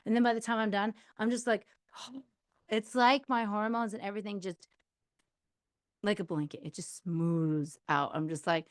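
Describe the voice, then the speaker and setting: A woman's voice: mid-range voice, fairly even intonation, normal speed, dry recording, studio quality. A woman in her thirties hosting a podcast, giving candid, chatty advice with lots of fillers. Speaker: podcast host. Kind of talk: casual advice monologue.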